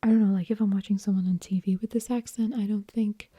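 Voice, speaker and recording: Breathy whispering woman, rambling. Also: mid-range voice, fairly even intonation, fairly quick, dark tone, dry recording. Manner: rambling, chatty, many fillers. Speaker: ASMR host. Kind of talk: whispered ASMR chat. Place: indoor room at home.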